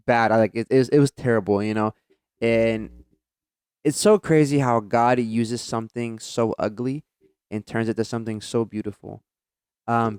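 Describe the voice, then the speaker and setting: Smooth-voiced young man telling a story. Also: medium pitch, no echo, studio quality. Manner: animated, earnest storytelling. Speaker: podcast co-host. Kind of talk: casual chat.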